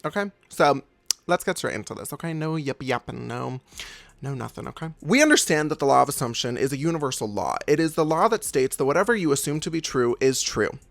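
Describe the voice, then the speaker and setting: Male manifestation coach with a raised voice, gravelly and rapid, who is emphatic, blunt and swears casually, recorded dry. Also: on the high side, lively intonation, no echo. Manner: calls the listener "babes". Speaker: manifestation coach, channel host. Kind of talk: casual motivational talk to camera.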